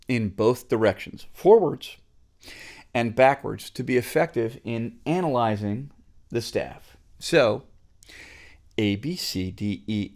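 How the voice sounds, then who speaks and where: A patient male music teacher who talks slowly and chants the note names for his students to repeat. His pitch rises and falls a lot as he explains. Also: darkish tone. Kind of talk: music theory lesson.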